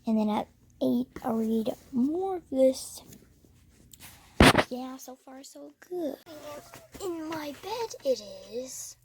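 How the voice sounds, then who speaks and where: A woman's voice: sits high, animated, slow pace, long pauses, background noise. A teenage girl vlogging at home about finishing a book series, gushing, often whispering and exclaiming "oh my gosh.". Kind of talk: casual vlog. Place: at home, in her bedroom.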